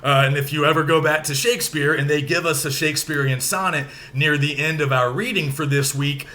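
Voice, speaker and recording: Bright-voiced male lecturer explaining patiently. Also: on the high side, fairly even intonation, a little fast. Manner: patient, explanatory, repeats key points with "right?". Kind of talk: recorded lecture.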